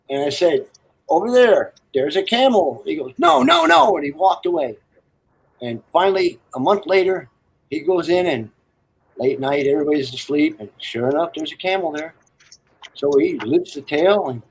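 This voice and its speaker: A man's voice: on the high side, darkish tone, slightly rough, poor audio. A man telling rambling, crude military stories and jokes in casual chat, laughing at his own lines. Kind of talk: casual storytelling on a live stream.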